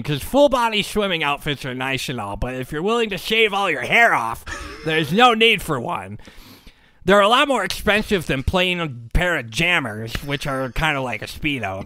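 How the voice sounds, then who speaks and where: Dude doing a nerdy know-it-all swimmer, smug, bright sharp voice, dry. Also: male voice, on the high side, very animated, normal speed, dry recording. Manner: smug, lecturing. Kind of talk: podcast comedy bit.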